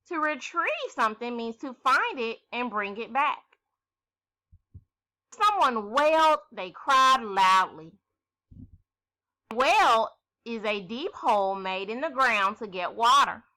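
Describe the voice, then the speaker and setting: Reading a story aloud to a first grade class, a woman with a slightly high voice teaches clearly and expressively, stopping to ask the children questions.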